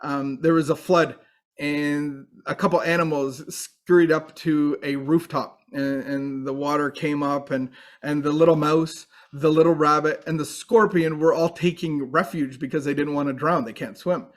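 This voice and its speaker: A man's voice: a little high, steady tone, normal speed. A man giving an earnest faith-based recovery talk, often restarting his sentences. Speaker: recovery speaker.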